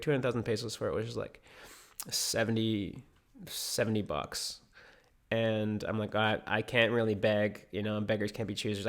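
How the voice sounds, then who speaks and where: Rambling young man telling his story. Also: lowish voice. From United States. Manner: rambling with many fillers and restarts. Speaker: vlogger. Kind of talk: casual storytelling.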